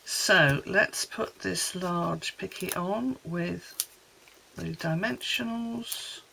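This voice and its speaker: A woman's voice: on the low side, very slow, creaky, bright, forceful tone, a little hiss or hum, poor audio. A woman from Wales chatting homely and rambling as she makes cards at her desk. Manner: chatty, homely, rambling asides while working. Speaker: card-making crafter. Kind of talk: casual crafting tutorial chat.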